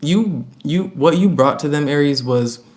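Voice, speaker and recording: A man's voice: fairly high pitch, measured pace, a little mellow. Chatty man giving a casual tarot reading. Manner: chatty, emphatic, repeats words, laughs between points. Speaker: tarot reader.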